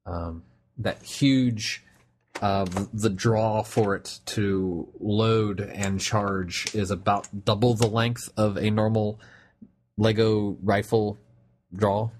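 Young guy, kinda low voice, rambling podcast chat, lots of ums and restarts. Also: steady tone, slow, darkish tone, a little hiss or hum. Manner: rambling, frequent restarts and fillers. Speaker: podcast co-host. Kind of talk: casual chat.

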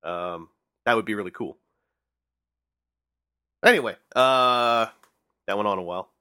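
Man, podcast host, bright voice, dry recording, playful showman, casual chat. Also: fairly low pitch, a little slow, clean tone, dry recording. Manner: joking, teasing, showman-like.

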